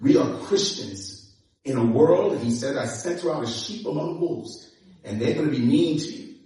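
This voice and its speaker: Animated New preacher, echoey and distant. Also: male voice, mid-range voice. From New York. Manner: animated, acts out dialogue, laughs often. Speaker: pastor. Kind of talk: sermon with storytelling. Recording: echoey room from far off.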